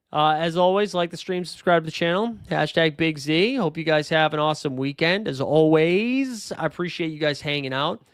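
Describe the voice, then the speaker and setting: A man hosts a livestream in loose, rambling chat and thinks out loud as he answers viewers. His voice sits a bit high for a man. The sound is dry and close, with no room echo. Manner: rambling, thinks aloud while reading chat comments. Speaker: livestream host.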